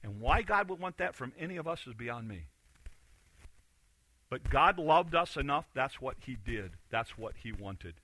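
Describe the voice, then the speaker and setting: A male pastor preaching a sermon in a church, animated, acting out the voices he quotes and swinging from quiet to loud. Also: mid-range voice, no room sound. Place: church sanctuary.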